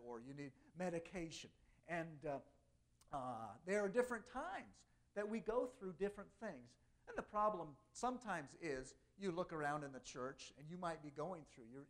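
A male pastor giving a conversational sermon, speaking plainly with many hesitations and slowing down to read scripture aloud. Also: on the high side.

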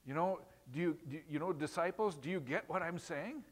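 A man's voice: on the high side, brisk. A man preaching a conversational sermon on scripture. He asks his listeners questions and repeats words for emphasis. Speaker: pastor.

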